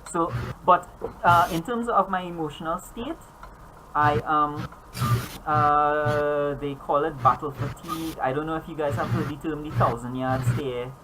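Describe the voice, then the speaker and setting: Brief: a halting tabletop player describing their ghost character, clear hiss under the voice. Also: medium pitch, fairly even intonation. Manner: hesitant, many restarts and fillers. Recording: noisy home recording.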